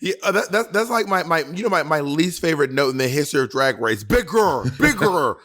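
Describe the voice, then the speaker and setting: A man's voice: fast talker, fairly bright tone. Sassy, profane male podcast co-host. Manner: sassy and profane, jumps into high mock voices for quotes. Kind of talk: casual chat.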